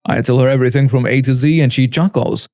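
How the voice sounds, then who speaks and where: A man reading a first-person story aloud in a steady, scripted narration. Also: medium pitch, fast, no room sound, clean studio sound.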